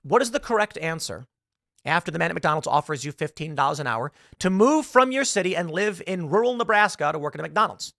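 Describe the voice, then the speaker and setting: A man's voice: a little high, expressive, brisk, vocal fry, bright, forceful tone, dry recording, studio quality. A male host giving a casual commentary monologue, telling stories theatrically and throwing out rhetorical questions.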